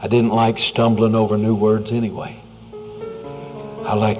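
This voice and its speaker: A man preaching with a low-pitched voice, earnest and conversational, sinking into hushed near-whispers. The recording is dull and lo-fi, with faint music underneath. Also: normal speed. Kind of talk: sermon.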